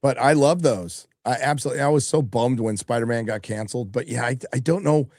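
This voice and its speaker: A middle-aged man hosts a live stream in a loose, chatty way, cursing often as he reads out viewer messages. His voice sits at an ordinary pitch and is recorded dry and close to the mic. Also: brisk, a little mellow, no echo. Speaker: livestream host reading donations. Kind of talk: casual live-stream chat.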